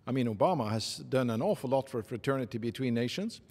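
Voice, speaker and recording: Halting Norwegian man, reverberant sound. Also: mid-range voice, expressive, darkish tone. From Norway. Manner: halting, measured, many pauses and fillers. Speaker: interviewee, committee secretary. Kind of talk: formal interview answers. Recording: long reverb.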